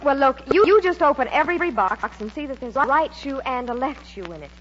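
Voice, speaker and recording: A woman's voice: high voice, expressive, fairly quick, a bit bright. An actress playing a nervous, hesitant young woman shop clerk, in 1940s radio acting. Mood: flustered. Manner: flustered and hesitant. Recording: dull vintage radio broadcast, faint hum.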